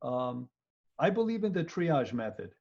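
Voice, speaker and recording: A man teaching law in an online webinar, animated and joking, often repeating words and acting out people. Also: medium pitch, measured pace, vocal fry, breathy edge. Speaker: law professor. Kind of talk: lively webinar lecture. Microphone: video call. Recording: muffled webinar audio.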